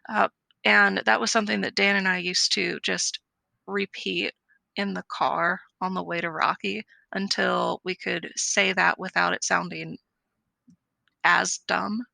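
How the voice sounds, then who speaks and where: A woman's voice: on the low side, steady tone, measured pace, creaky, pushed and bright, dry recording. A woman co-hosting a casual podcast, chatting about a film scene by scene. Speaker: podcast co-host.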